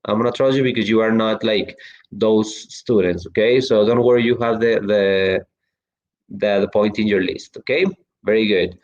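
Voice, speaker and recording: A man's voice: fairly low pitch, fairly even intonation, normal speed. Chatty male teacher with slightly dull audio. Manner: chatty, lots of fillers and restarts. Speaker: English teacher. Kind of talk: online class, reading student chat.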